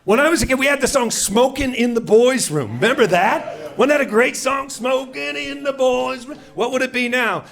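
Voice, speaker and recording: A man's voice: very high voice, lively intonation, a little fast, few pauses. A middle-aged man from Seattle doing a stand-up set, brash and mock-indignant, firing off punchy rhetorical questions. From Seattle, USA. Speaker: stand-up comedian. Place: comedy club stage before a live audience. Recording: loud crowd laughter and room noise.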